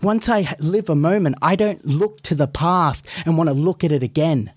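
A man with a fairly high voice trades jokes on a podcast. He brags and teases his co-hosts. The sound is dry and close. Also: moderate pace, dry recording. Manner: boastful, teasing. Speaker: podcast co-host. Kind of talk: casual banter.

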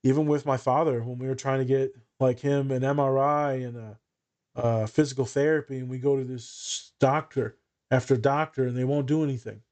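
A man's voice: medium pitch, normal speed. A man hosting a casual podcast discussion, a social worker telling candid, profane stories. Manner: candid, profane, animated storytelling.

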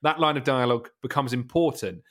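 A man's voice: mid-range voice, fairly quick, fairly bright tone. A man co-hosting a podcast, recounting film scenes in casual chat and laughing often. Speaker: podcast co-host.

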